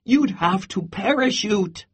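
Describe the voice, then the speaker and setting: A reader voicing a cautious goat who warns about every danger, in a slow storybook read-aloud. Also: expressive, slightly rough, exaggerated voice. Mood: cautioning. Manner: slow, worried warnings, rising to high exclamations.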